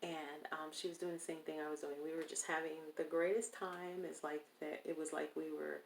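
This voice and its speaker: A woman telling a personal story in a casual interview, animated and acting out the people she quotes. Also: sits low, normal speed, gravelly, a little hiss or hum. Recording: roomy echo.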